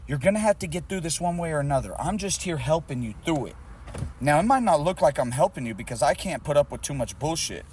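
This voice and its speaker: A man's voice: on the high side, lively intonation, fast, darkish tone, a little hiss or hum. Blunt, scolding man in a car. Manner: blunt, scolding, swears a lot. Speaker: streamer. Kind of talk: heated casual argument. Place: inside a car.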